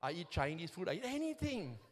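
A man's voice: high-pitched, very animated, brisk. A man in his seventies with a Singaporean English accent, preaching a fervent, passionate sermon to a church as pastor. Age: 70s.

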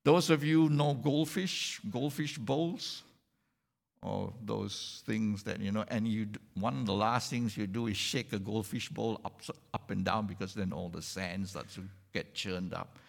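Slow gravelly preacher in a reverberant hall. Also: male voice, lowish voice. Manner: animated, asks the congregation questions. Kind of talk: sermon.

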